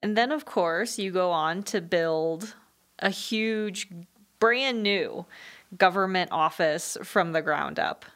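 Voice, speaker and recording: A woman interviewer asking a guest a question in a measured, unhurried way. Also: on the low side, a bit bright.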